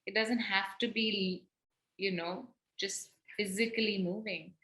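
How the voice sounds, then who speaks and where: Woman, facilitator, guided movement exercise, playful and coaxing, slow speech, roomy echo. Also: mid-range voice, fairly even intonation, fairly bright tone. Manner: playful, coaxing, laughs often. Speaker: workshop facilitator.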